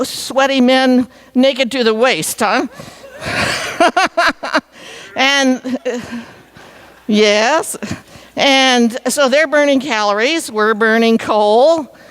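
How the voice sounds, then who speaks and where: A woman's voice: on the high side, a bit bright, clear, resonant tone. A woman giving a playful, chatty talk to a live audience, coaxing them to join in. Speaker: featured speaker. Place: meeting hall before a live audience.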